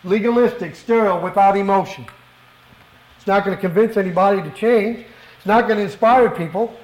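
A middle-aged male preacher with a high voice delivers a fervent, emphatic sermon in a church. He leans on rhetorical questions, and his words ring out in an echoey hall. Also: brisk, a little mellow.

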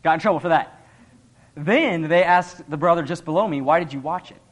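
A man's voice: on the high side, a little fast. Earnest young man preaching. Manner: earnest, conversational, laughs often. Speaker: lay preacher. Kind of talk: sermon.

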